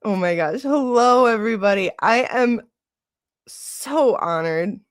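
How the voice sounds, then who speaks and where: A woman hosting a casual livestream, gushing and excitable, gasping and laughing often. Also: a little high, unhurried, dry recording, clean studio sound. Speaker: livestream host.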